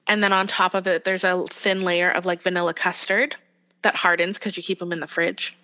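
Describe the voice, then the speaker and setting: Bright chatty Canadian woman. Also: on the low side, little pitch movement, a little fast, lo-fi sound. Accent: West Coast Canadian. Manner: chatty, upbeat, lots of fillers. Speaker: guest actor. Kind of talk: casual podcast interview.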